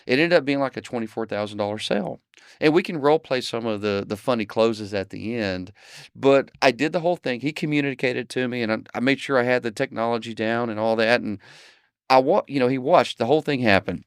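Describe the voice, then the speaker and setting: A man tells a work story on a podcast, slipping into other people's lines as he goes. His voice sits in a middle pitch and is recorded dry and close, with no room sound around it. He then wraps up the episode in a steady host's tone. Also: a little fast, clear, resonant tone, dry recording. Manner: animated storyteller acting out dialogue. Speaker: podcast host. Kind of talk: storytelling anecdote, then closing wrap-up.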